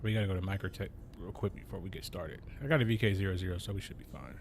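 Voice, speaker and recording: A man with a fairly low voice chats slowly and easily on a game stream, keeping his volume down. His talk is loose and full of slang, with a faint hum of noise underneath. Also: a little mellow. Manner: slow, laid-back talker; keeps voice down. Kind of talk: casual live-stream chat.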